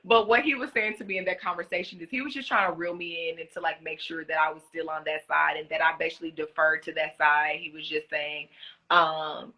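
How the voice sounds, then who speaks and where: A young woman in casual live-stream chat, answering fan questions about being a reality show contestant, talking in an animated way with many fillers. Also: low-pitched, fairly quick. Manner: chatty, animated, lots of "like" fillers. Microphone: phone.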